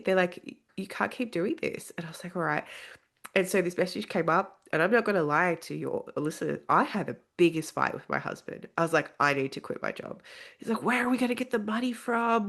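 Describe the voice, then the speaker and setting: There's vocal fry in this woman's deep voice as she tells a personal story as a podcast guest. Her delivery is casual and animated, and she voices the other people's quoted dialogue herself.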